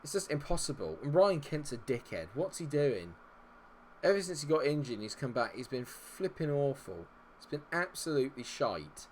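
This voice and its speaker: A man's voice: on the high side, sing-song, moderate pace, a little hiss or hum. A man commentating on his own football management game, chatting with viewers and swearing at his players. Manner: swings from chatty to sweary frustration, yelling at players. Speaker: gaming streamer. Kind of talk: live gameplay commentary.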